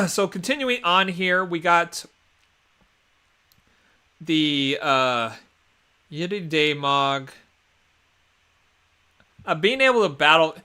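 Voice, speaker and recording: A man's voice: fairly high pitch, animated, takes it slowly, pauses often, pushed and bright, smooth. A man hosting a casual livestream over gameplay, rambling with many fillers and restarts. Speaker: gaming channel host. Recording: game music playing behind the voice. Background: game soundtrack music.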